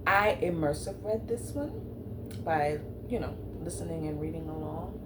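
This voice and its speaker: A woman's voice: deep voice, moderate pace, noisy background. A woman book vlogger in casual, chatty talk with sassy asides, at home. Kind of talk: casual chat.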